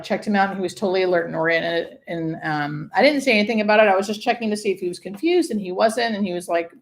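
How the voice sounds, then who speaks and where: A hospice nurse hosting a casual livestream, chatting with viewers and telling stories in a rambling, friendly way. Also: female voice, fairly low pitch. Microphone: webcam or phone setup for a livestream.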